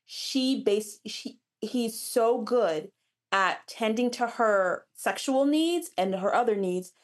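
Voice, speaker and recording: A woman's voice: a little high, expressive, takes it slowly. A woman romance author as an interview guest, chatting animatedly with frequent restarts. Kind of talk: casual interview chat.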